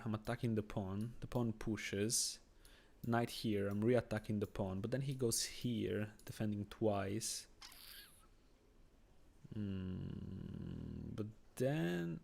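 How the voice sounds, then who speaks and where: Swiss guy streaming chess, low gravelly voice, chats with viewers and thinks out loud, english isnt his first language. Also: fairly even intonation, unhurried. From Switzerland. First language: not English. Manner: chatty, thinks aloud, reads chat and greets viewers. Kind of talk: casual live-stream commentary.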